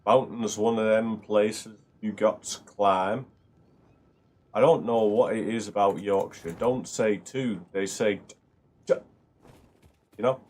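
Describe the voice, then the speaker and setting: A fairly low-pitched, darkish male voice takes its time over casual gameplay commentary. The host chats and rambles through cheerful asides while playing.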